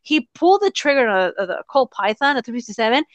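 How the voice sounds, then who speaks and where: Brief: woman host, raised pitch, dry close sound, profane and ranty, laughs a lot. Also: big pitch swings, fast talker, no room sound, lo-fi sound. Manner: ranting, profane, laughs often. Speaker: podcast host. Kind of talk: casual chat.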